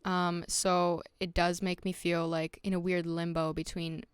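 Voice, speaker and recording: A young woman hosts her own solo podcast, talking casually, candidly and reflectively to the listener, with lots of "like" and "um" and frequent restarts. Her voice is on the low side and smooth, with little pitch movement and a measured pace, in a dry recording.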